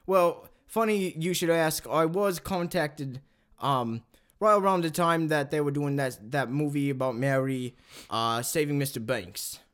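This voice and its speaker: A man doing a high, rambling oddball drifter. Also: a bit bright, clear, resonant tone. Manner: rambling, halting, giggly storyteller. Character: hapless male Larry Poppins, odd drifter. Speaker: comedy interview guest. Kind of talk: improvised comedy interview.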